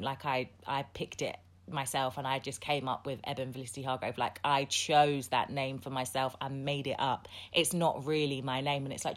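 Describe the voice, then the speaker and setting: A woman's voice: rumbling low, flat delivery, moderate pace, hardly any pauses. A woman hosting a podcast, talking casually, blunt and outspoken and swearing freely. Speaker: podcast host. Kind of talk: casual conversation.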